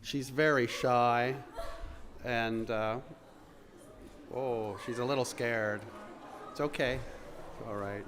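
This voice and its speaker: A man leading a school chapel service, talking to the congregation in a relaxed, halting way. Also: medium pitch, noisy background. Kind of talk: casual address to a congregation. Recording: reverberant chapel.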